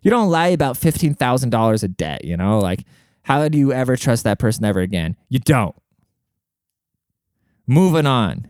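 A young man reads advice posts aloud and riffs on them, crude and rambling, full of fillers. His voice is smooth and clear, recorded dry and close with no room around it. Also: mid-range voice, big pitch swings, normal speed, pauses often, a little mellow, dry recording. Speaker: host reading and reacting to advice posts. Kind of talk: casual commentary.

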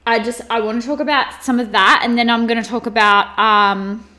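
A woman, hosting a live podcast stream and gushing excitedly to her viewers, full of fillers and exclamations. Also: on the high side, moderate pace. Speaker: podcast host and mindset coach. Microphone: camera mics on a live stream.

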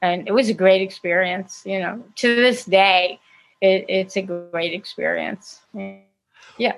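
An older American actress telling lively stories in a casual interview, laughing often. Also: female voice, medium pitch, a little slow, poor audio. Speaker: actress and guest.

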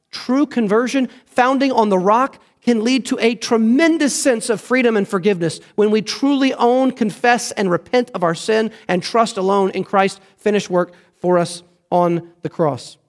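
High-voiced earnest male preacher. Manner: earnest, emphatic preaching with repeated phrases. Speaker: pastor. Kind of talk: sermon.

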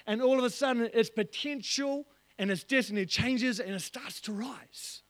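A man preaching a sermon as pastor in a church, animated and joking, acting out little voices. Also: very high-pitched, normal speed, dry recording.

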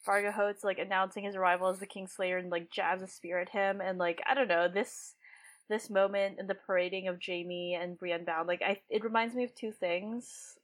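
A woman's voice: medium pitch, steady tone, normal speed. Chatty woman podcast co-host. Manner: chatty, many "like" fillers. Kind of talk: casual book discussion.

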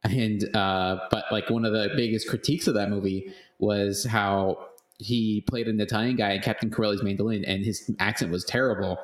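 Casual male co-host, low-pitched, rambling delivery with cursing, roomy sound. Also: fairly even intonation, normal speed. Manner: rambling, profane, laughs often. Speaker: podcast co-host. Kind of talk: casual chat.

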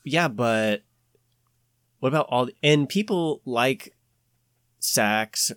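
A man hosting a podcast, talking in a rambling, animated way with many restarts. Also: mid-range voice, slow pace, smooth, no echo, studio quality. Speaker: podcast host. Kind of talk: casual podcast chat.

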